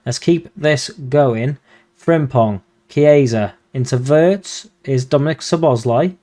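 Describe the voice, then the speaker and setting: A man giving casual, excitable commentary over a football management game, swearing when he gets frustrated. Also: mid-range voice, takes it slowly. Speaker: video game streamer.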